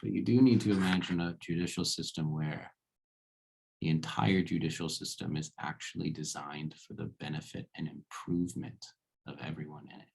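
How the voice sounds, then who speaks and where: A man with a low, gravelly voice gives a relaxed philosophy lecture, often asking his listeners "right?". His tone is husky and a little rough at the edges. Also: normal speed. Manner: conversational, checks in with rhetorical "right?". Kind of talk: casual spoken lecture.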